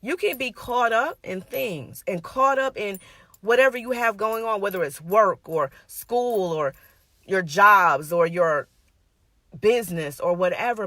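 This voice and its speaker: A woman's voice: medium pitch, sharp tone, no echo. A woman giving an earnest, conversational sermon, emphatic and personal, repeating her points. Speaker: minister.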